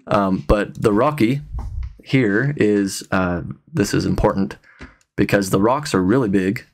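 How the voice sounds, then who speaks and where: A man from Utah talking through a casual software tutorial, relaxed and a bit tired, with lots of ums and restarts. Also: on the low side, measured pace. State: tired, yawning. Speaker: tutorial host.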